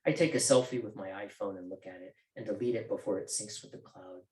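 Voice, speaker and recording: A man's voice: on the low side, fast, darkish tone. A male author reading from his novel at a bookstore event, with casual joking asides. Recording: roomy bookstore echo.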